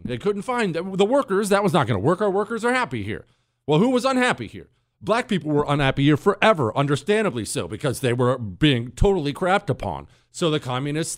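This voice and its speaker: Sarcastic and combative, a middle-aged American talk radio host rambles through an opinionated monologue in his studio, full of restarts and asides. His voice is a little high, with no room sound and a clean studio finish.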